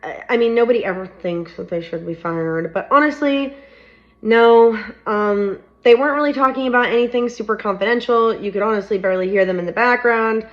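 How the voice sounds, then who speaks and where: A woman's voice: a little high, brisk. A young woman telling a candid, casual story to camera about being fired and starting her own company. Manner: candid, frank, upbeat. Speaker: startup founder. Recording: slightly dull lo-fi audio.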